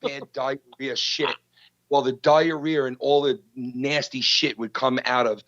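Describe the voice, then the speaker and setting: A man's voice: mid-range voice, unhurried, muffled recording, slight background noise. Profane New man telling a story. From New York. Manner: profane, heated, animated retelling. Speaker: podcast host. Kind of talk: casual podcast storytelling.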